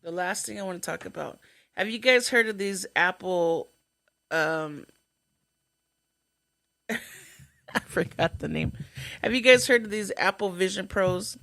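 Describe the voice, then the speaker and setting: A woman's voice: mid-range voice, unhurried, vocal fry, long pauses, fairly bright tone, no room sound. A young adult woman hosting a comedy podcast, telling stories in a chatty, self-mocking way. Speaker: podcast host. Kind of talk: comedic storytelling.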